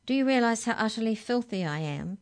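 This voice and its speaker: A woman voicing a small, furious, caged female creature in a storybook, shouting indignantly. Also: a little high, lively intonation, a little fast, voice pushed up. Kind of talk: storybook reading.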